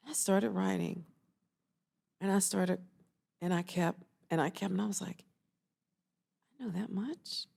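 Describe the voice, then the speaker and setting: Woman, 40s, therapist, gravelly voice, animated storyteller, casual podcast chat. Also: fairly low pitch, measured pace, long pauses. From Atlanta, Georgia. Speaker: therapist and executive coach, guest. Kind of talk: casual conversational interview.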